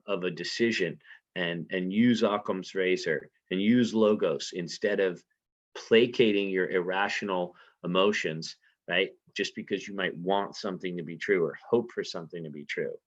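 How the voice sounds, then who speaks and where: Man lecturing with rhetorical questions, low voice. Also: a bit bright. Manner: conversational, keeps asking rhetorical questions and saying "right?". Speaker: teacher. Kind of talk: literature lecture. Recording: dull lo-fi recording.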